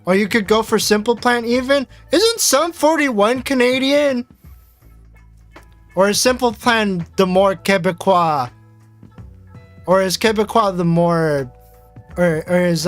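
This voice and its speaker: An American man chatting casually on a livestream in a rambling, chatty way with frequent laughs. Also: high voice. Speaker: vtuber streamer.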